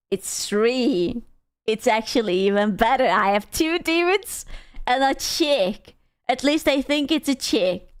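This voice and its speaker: High, smooth-voiced woman streamer. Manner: playful, swears freely, laughs often. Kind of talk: casual live-stream chat with viewers.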